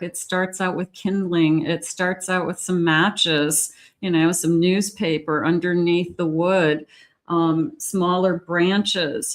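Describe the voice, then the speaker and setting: A woman doing a tarot reading in a gentle, chatty way, with many fillers and pauses. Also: low voice. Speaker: tarot reader.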